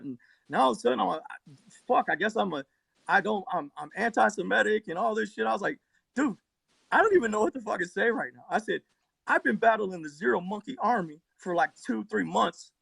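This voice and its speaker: With a bright, forceful tone, a man in a heated live-stream argument swears his way through a rambling story on his phone, doubling back again and again. His fairly high voice is rough, gravelly, and a little breathy. The recording is close, dry, and free of room sound.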